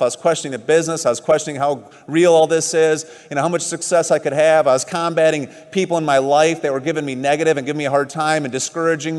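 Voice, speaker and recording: Higher-voiced man speaking in a reverberant hall. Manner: animated, emphatic storytelling. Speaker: motivational speaker at a business event. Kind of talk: motivational stage speech. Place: large event hall.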